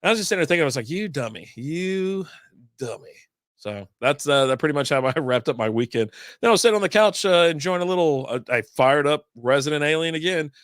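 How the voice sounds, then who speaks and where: A man's voice: fairly high pitch, animated, quick pace, fairly bright tone, no echo, clean studio sound. Rambling man telling a weekend story. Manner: rambling, storytelling with many asides and fillers. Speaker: podcast host. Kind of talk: casual beer podcast monologue.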